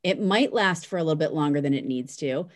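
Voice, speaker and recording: Low-voiced woman giving a heartfelt toast. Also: lively intonation, brisk. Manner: emotional, affectionate, rambling. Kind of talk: heartfelt birthday message.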